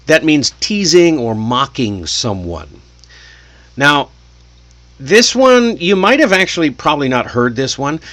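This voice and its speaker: An American man casually teaches English idioms, frequently pausing to toss small questions at the listener in a chatty way. His voice is a middle pitch, slightly bright, and recorded dry and close with no room echo.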